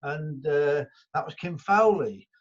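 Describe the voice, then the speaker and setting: A man's voice: a little high, slow. An older man from England, telling stories in an interview, rambling with many restarts and fillers. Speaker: guest musician. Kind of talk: casual interview storytelling. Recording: dull lo-fi audio.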